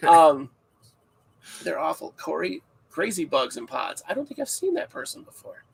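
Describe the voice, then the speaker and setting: Man, podcast host, casual livestream chat, husky, gravelly, slightly high, rambling, laughing. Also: very animated, moderate pace, rough recording. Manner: rambling, joking, laughs often.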